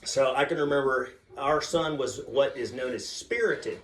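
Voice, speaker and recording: A man doing stand-up, telling family stories with deadpan punchlines. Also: medium pitch, moderate pace, recorded from a distance, a little hiss or hum. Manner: deadpan punchlines, acts out a chanting child. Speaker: stand-up comedian. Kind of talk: stand-up storytelling. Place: comedy club stage with audience. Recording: roomy stage sound, a bit off-mic.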